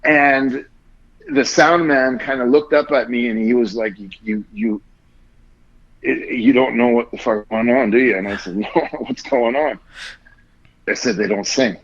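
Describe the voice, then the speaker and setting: A man's voice: mid-range voice, normal speed, a bit bright, dull audio. A man guest on a podcast telling a long story in casual talk, rambling and swearing often, acting out what others said. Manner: rambling, heavy swearing, acts out quotes.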